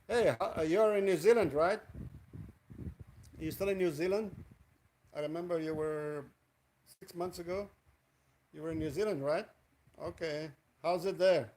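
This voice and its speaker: A man's voice: a little high, unhurried, pauses often, darkish tone, slight background noise, poor audio. A man chatting casually on a live stream, rambling and greeting viewers by name as they come in. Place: indoors in Cebu, Philippines, in the evening.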